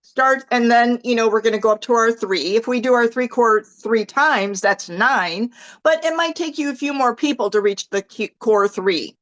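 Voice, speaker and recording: An enthusiastic woman with a somewhat high voice leads a motivational team call. She talks in a chatty, gushing way over a video-call mic, and her voice is a little hoarse. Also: normal speed, few pauses, lo-fi sound. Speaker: team leader.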